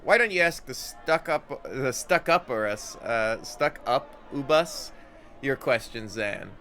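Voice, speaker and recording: A man voicing a prickly, gruff young woman with a tail in a game, in a blunt voice that tags lines with "it is". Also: mid-range voice, expressive, slow pace, pushed and bright, a little hiss or hum, voice pushed up, exaggerated voice. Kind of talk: reading game dialogue aloud.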